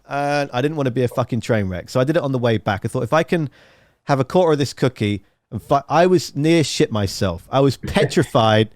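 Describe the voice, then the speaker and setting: A man hosting a casual interview podcast, telling long rambling stories in an animated way. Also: medium pitch, quick pace, no room sound, studio quality. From England. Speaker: podcast host.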